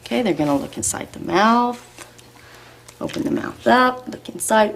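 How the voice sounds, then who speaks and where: A woman explaining puppy handling in a calm, explanatory way during a lesson. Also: a little high, normal speed, gravelly, slight background noise. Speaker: dog trainer.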